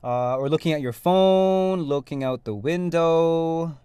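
A man's voice: fairly high pitch, measured pace, mellow, smooth, no echo. A man hosting a casual radio quiz chat in a studio, upbeat and laughing often. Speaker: radio host. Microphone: studio mic.

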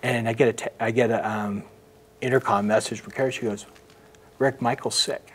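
A man's voice: on the low side, fairly even intonation, brisk. Earnest middle-aged man telling a story. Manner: earnest, narrates with acted quotes and frequent hushed drops. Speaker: interview guest. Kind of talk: emotional personal storytelling in an interview.

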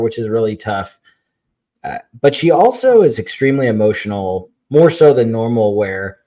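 A man in his thirties co-hosting a parenting podcast and chatting casually. His voice is mid-pitched, and he tells stories about his children in an animated, expressive way. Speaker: podcast co-host.

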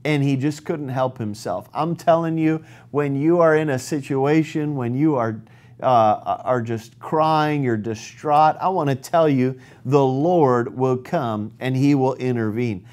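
A man's voice: medium pitch, unhurried, darkish tone. A male pastor preaching a sermon in an earnest, emphatic way, reading scripture aloud and drawing out key words.

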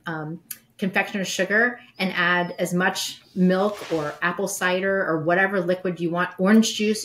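Chatty enthusiastic woman host, lowish voice. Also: a little hiss or hum. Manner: chatty and enthusiastic, many fillers. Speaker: podcast host. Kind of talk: casual chat.

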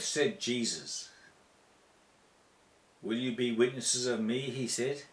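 A man preaching an impassioned spiritual sermon into a handheld mic, rhythmic and repetitive, leaping to sudden high exclamations. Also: slow pace, roomy sound.

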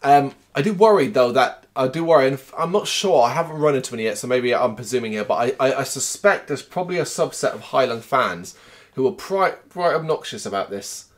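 A man's voice: mid-range voice, animated, fairly quick. A man co-hosting a podcast, mixing casual chat with read-out review lines about an album. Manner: reads prepared review lines between chat. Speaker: podcast co-host.

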